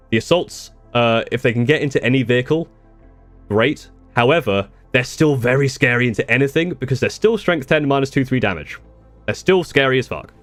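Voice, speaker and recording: On a live stream, a young man from the UK fields viewer questions in a loose, rambling way, restarting sentences and swearing occasionally. His voice sits at medium pitch and sounds a bit bright. There's no room sound.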